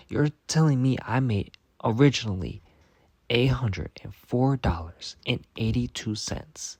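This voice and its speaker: A man's voice: mid-range voice, a little slow, a little mellow, breathy edge, no room sound. A young man ranting in a casual storytime vlog, exasperated and repetitive, swearing often. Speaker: vlogger.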